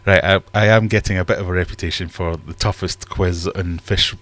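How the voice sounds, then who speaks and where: Chatty male streamer, deep voice, rambling and self-deprecating. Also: fairly even intonation, a little fast, a bit bright. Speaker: livestream host. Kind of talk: casual livestream chat. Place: home fish room.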